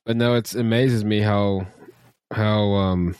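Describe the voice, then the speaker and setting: A man's voice: fairly low pitch, fairly even intonation, unhurried, darkish tone, clear, resonant tone, no echo. A man in casual chat who jokes and teases, stumbling over words now and then.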